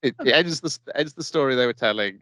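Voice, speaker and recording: A man's voice: mid-range voice, quick pace, bright, forceful tone, no room sound, clean studio sound. A man co-hosting a podcast in casual chat, matter-of-fact, summing things up. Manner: matter-of-fact, sums up the plot. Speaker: podcast co-host.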